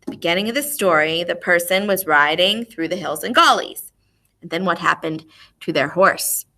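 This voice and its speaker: A woman teaching a music lesson to young children online. She speaks expressively and clearly, asking questions and then answering them herself. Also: on the low side, bright, forceful tone.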